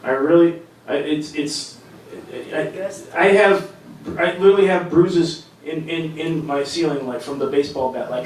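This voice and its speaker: A man working through a stand-up set, rambling and self-deprecating, often tripping over his own words. His voice sits a little high. He sounds distant from the mic in a roomy, echoing comedy club, with a faint hum of ambience behind him. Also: normal speed, darkish tone. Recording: echoey club sound from far off.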